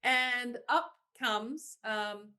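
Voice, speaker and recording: A woman, a singer-songwriter guest telling her stories in a casual interview, animated and laughing, quoting herself in exclaimed asides. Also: a little high, drawn-out words, clear, resonant tone. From Australia.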